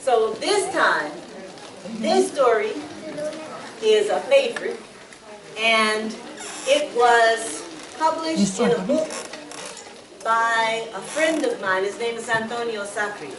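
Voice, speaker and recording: A woman's voice: fairly high pitch, animated, slow, pauses often, noisy background. A woman telling a children's story to a library audience, switching between two languages and getting listeners to call out answers. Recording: echoey room recorded from far off. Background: audience of children responding.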